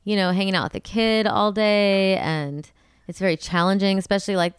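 Hesitant woman with a smooth voice. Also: mid-range voice, fairly even intonation, no echo, studio quality. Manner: hesitant, halting. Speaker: podcast co-host. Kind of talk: casual chat.

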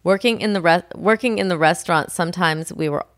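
A woman's voice: fairly low pitch, a little fast, no room sound, studio quality. A woman co-hosting a podcast, chatting casually with a teasing edge and reading listener emails. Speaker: podcast co-host. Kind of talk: casual banter.

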